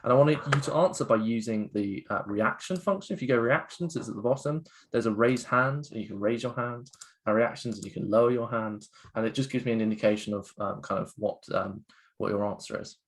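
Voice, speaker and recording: A man's voice: medium pitch, a little fast. A man giving an interactive online talk as a guest speaker, chatty and upbeat with many fillers, heard over a video call. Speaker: guest speaker, education co-founder.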